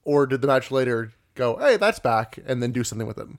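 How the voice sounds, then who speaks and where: Man co-host, mid-pitched, relaxed matter-of-fact recap style. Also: fast talker. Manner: easygoing, matter-of-fact play-by-play. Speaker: podcast co-host. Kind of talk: casual wrestling recap chat.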